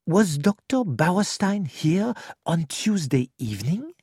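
A reader playing an excitable, precise detective. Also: medium pitch, takes it slowly, slightly rough, dry recording, clean studio sound, pitched above the performer's own voice, heavily acted.

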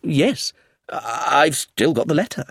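Man doing a jittery middle-aged businessman, husky voice rising high and eager, flustered and pleading. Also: lively intonation, a little slow, a bit bright, no echo, clean studio sound, heavily acted. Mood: earnest, flustered.

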